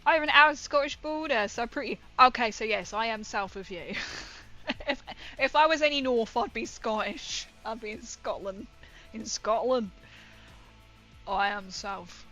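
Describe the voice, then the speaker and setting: A woman's voice: a little high, animated, unhurried, bright, forceful tone, dull audio. A woman with a northern English accent chatting playfully with her stream while painting, laughing often. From northern England. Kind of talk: casual livestream chat while painting. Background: faint music.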